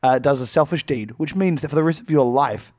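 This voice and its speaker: A man's voice: mid-range voice, fairly quick, darkish tone, no room sound, studio quality. A man co-hosting a casual comedy podcast, rambling and joking and laughing often. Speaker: podcast co-host.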